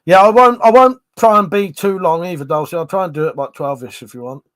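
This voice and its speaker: Here the same kind of livestream host, a man from Scotland who speaks Manchester English, talks fast in a high, fairly bright voice without echo. He rambles through the chat messages, laughing and swearing casually.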